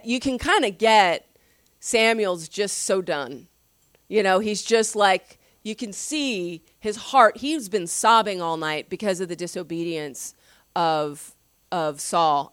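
A woman pastor teaching from the Bible in a casual, conversational way, with animated slangy asides and frequent laughs. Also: medium pitch, no room sound, studio quality.

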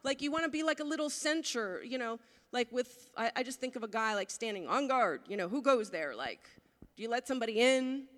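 A woman's voice: on the high side, expressive, a little fast, a bit bright. A woman pastor giving a conversational sermon, often asking her listeners questions. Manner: conversational, asks the congregation questions. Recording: long hall reverb.

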